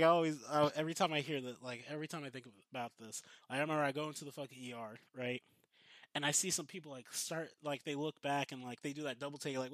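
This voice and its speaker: A man's voice: fairly high pitch, dry recording. A man casually telling a story with lots of swearing, acting out the lines of the people in it. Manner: profane, animated, acts out quotes.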